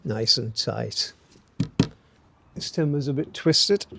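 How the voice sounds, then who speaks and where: A man's voice: medium pitch, slow pace, gravelly, heavy background noise. Chatty middle-aged DIY man. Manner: chatty, jokey, fond of tag questions like "eh?" and "don't you?". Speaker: DIY channel host. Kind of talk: casual DIY how-to narration. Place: outdoor garden workspace, light rain.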